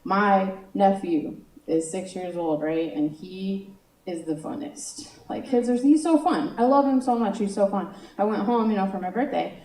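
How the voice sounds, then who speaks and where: A woman's voice: medium pitch, expressive, normal speed, mellow. A woman doing a stand-up comedy set, chatty and self-mocking, full of "you know" asides. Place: comedy stage in a room. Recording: roomy sound from far off.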